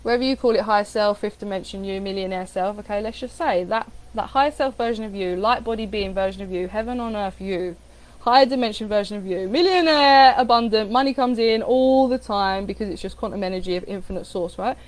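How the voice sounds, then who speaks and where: A woman giving a casual coaching talk on affirmations, animated, repeating phrases with different inflection. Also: mid-range voice, a little fast, rough recording. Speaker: spiritual coach.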